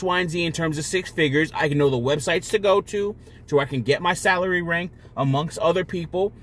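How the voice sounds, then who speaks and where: A man's voice: a little high, a little fast, hardly any pauses, a bit bright. A man talking to camera in a casual, rambling monologue, blunt and full of profanity. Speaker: vlogger.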